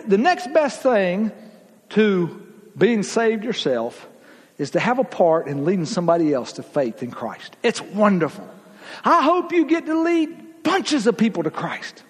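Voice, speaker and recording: A man preaching in a folksy, emphatic way, his high husky voice leaping up and dropping low as he drives each point home. The sound rings with the long reverb of a church hall. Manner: folksy, emphatic preaching with big swings in pitch and loudness. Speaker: pastor. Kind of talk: sermon.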